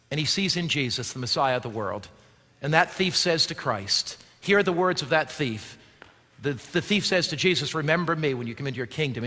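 A man preaching with a high, bright, ringing voice that carries through a big reverberant hall. He moves from loud, emphatic declarations down to hushed, quiet lines, pressing every point like a pastor working his congregation. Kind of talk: sermon.

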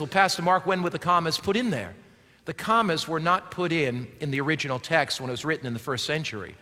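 A man preaches with a high, bright voice, ranging from ringing emphasis to hushed, quick asides. His sermon rings out with the long reverb of a large hall. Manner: preaching, rising to forceful exclamations then dropping to quiet asides. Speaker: pastor.

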